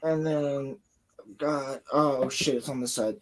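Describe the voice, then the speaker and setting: Young guy on a home livestream, rambling excitedly, swears casually, mid-pitched voice. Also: slow. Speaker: livestream host. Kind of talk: casual storytelling. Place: home, building Lego on stream.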